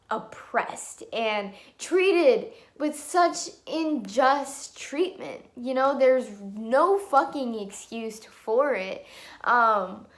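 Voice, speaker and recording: A young woman with a high voice vents her opinions into her camera at home. She talks angrily and emphatically and swears often. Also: fairly bright tone. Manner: angry, emphatic, frequent swearing. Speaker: vlogger. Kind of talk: impassioned opinion vlog.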